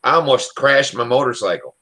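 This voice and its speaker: A man's voice: medium pitch, animated, fairly quick, sharp tone, slightly rough. A plain-spoken man from Michigan with a mid-range voice, talking on a video call. He chats casually and keeps asking the others questions. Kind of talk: casual chat, swapping stories.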